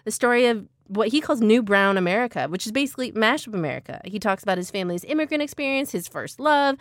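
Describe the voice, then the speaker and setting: A woman hosting a casual interview, upbeat and quick to laugh as she introduces her guest and asks him questions. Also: a little high, expressive, no echo, clean studio sound. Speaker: podcast host.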